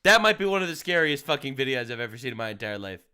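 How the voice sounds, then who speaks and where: Bright-voiced ranting man commentator. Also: mid-range voice, big pitch swings, rapid-fire, smooth. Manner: crude, heated and sarcastic. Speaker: streamer commentator. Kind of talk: ranting commentary over clips.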